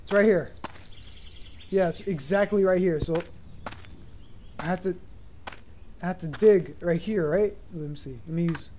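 A man's voice: high-pitched, measured pace, long pauses, mellow, slight background noise. A man giving casual gameplay commentary, thinking aloud, unsure of himself and swearing casually. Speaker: gaming YouTuber.

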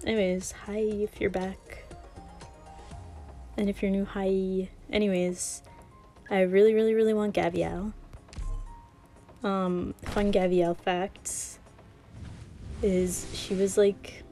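A woman's voice: mid-range voice, little pitch movement, slow pace, pauses often, mellow, faint music behind. A woman chatting casually while playing a game; she laughs often, rambles and sounds a little out of breath. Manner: giggly and rambling. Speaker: gaming video creator.

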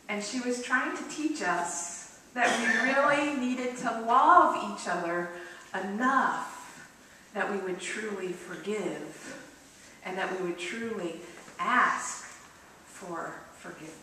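A woman's voice: mid-range voice, unhurried, recorded from a distance, slight background noise. Woman preaching in an echoey church. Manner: conversational, asks the congregation questions; acts out quoted voices with lively shifts. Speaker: pastor. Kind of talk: sermon. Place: church sanctuary.

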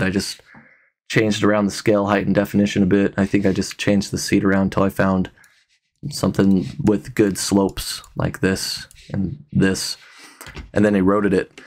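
A man with a lowish voice walks through a screen-recorded tutorial in a loose, rambling way. He sounds a little tired, stopping and restarting his sentences with plenty of ums along the way. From Utah. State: tired, yawning. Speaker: tutorial host.

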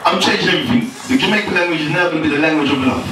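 Lively high-voiced male comedian, echoey bar. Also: very fast, crowd noise. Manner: animated, playful, slips into exaggerated Jamaican-style lines. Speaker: stand-up comedian. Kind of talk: stand-up comedy set. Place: lounge bar with live audience. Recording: echoey bar room, far mic, noisy.

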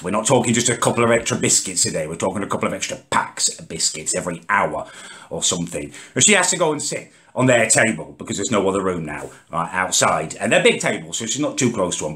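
A man's voice: deep voice, fairly bright tone. A man, ranting indignantly in a comedic monologue. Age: 30s. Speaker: comedic vlogger. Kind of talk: comedic rant to camera.

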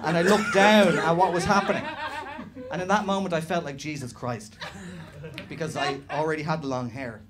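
A young Irish man doing a stand-up comedy set, animated and swearing, with shouted impressions. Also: a little high, moderate pace. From Ireland. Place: small comedy venue with live audience. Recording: live club recording with laughing crowd. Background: audience laughter.

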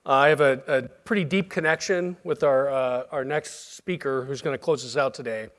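A man in his fifties with a Southern US accent, introducing the closing speaker in a relaxed, folksy way. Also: mid-range voice, normal speed. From Alabama, US. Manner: relaxed, folksy, frequent fillers. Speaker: event host introducing a speaker.

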